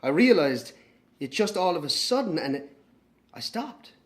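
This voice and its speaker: An actor with an Irish accent playing a young man, her lost twin, speaking in a hushed, brooding dramatic monologue for an audio drama. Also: high voice, very animated, normal speed. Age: young adult.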